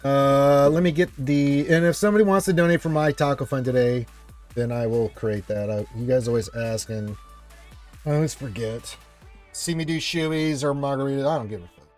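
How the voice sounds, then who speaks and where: A man's voice: mid-range voice, normal speed, darkish tone, soft background music. A man hosting a casual gaming live stream, chatting loosely and reading out viewer greetings.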